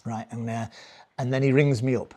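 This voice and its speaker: A man's voice: medium pitch, level tone, moderate pace, darkish tone. A British man in his forties doing stand-up, rambling and cutting himself off as he chats with the crowd. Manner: rambling, self-interrupting, chatty with the crowd. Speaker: stand-up comedian. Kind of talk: stand-up comedy.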